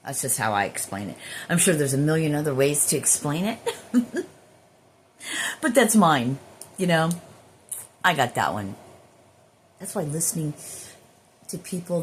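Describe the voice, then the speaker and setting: A woman with a low-pitched but very animated voice rambles through a casual spiritual monologue. She drifts between thoughts and swears freely, over a faint hiss of background noise. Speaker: spiritual healer.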